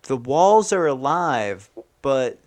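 Man, comedy podcast co-host, medium pitch, dry close sound, rambling and deadpan. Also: takes it slowly, no echo. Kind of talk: improvised comedy storytelling.

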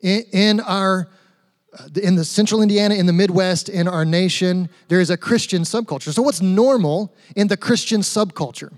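Higher-voiced man preaching in a big echoey hall. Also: moderate pace. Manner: chatty, asks the audience rhetorical questions, light humor. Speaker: pastor. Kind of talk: conversational sermon. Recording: long reverb of a large hall.

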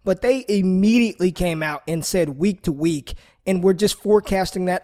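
A man's voice: high-pitched, moderate pace, few pauses, mellow. A man appearing as a guest analyst on a sports podcast, enthusiastic but often restarting his sentences. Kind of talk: casual chat.

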